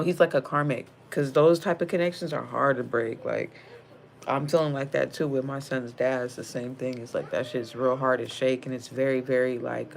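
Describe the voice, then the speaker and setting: A woman's voice: extremely low pitch, vocal fry, a little hiss or hum. A young woman giving a casual tarot reading, blunt and slangy with lots of profanity, calling the viewer sis. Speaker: tarot card reader.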